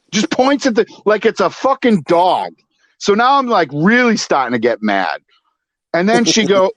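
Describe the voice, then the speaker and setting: A man telling a story as a podcast guest in casual chat, swearing and animated as he retells it. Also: fairly high pitch, normal speed, no echo.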